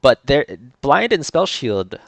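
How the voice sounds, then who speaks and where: A man's voice: mid-range voice, sing-song, slow, creaky, dry recording. A man streaming a game live, talking through his play and ranting in exasperation about his teammates. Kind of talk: live gameplay commentary.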